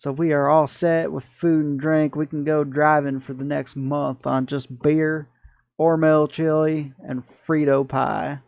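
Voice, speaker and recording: A man's voice: a little high, level tone, a little slow, gravelly, darkish tone, no room sound. A man voicing a folksy good old boy trucker with a heavy put-on Southern drawl. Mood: folksy, hearty.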